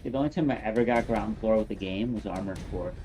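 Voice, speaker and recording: Laid-back low-voiced man, joking. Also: fast. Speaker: co-streamer. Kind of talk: casual gaming chat. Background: game music.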